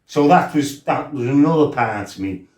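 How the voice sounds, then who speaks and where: A man's voice: medium pitch, moderate pace, slight background noise. A middle-aged man telling stories from his fighting past, swearing freely and acting out his own outbursts. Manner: swearing, animated, acts out his own shouting. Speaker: former fighter telling his life story. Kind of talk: casual storytelling. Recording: roomy, from a distance.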